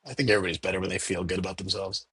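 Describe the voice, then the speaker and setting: A candy store owner in a casual interview, talking animatedly and acting out little quoted exchanges in a raised voice. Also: male voice, deep voice, fairly even intonation, very fast, fairly bright tone, breathy edge, no echo.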